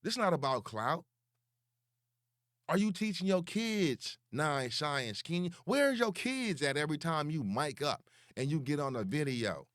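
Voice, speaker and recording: A young man, ranting slowly and profanely as he calls someone out online, repeating words for emphasis. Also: a little high, sing-song, a bit bright, no room sound, clean studio sound. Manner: slow, taunting and profane. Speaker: online commentator. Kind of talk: confrontational call-out rant.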